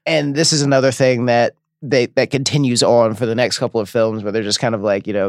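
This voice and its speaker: A man's voice: medium pitch, fairly even intonation, brisk, hardly any pauses, no echo, clean studio sound. A man co-hosting a podcast, chatting loosely about a film with lots of fillers like "you know" and "like". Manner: loose, filler-heavy, laughs easily. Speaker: podcast co-host. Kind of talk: casual film discussion.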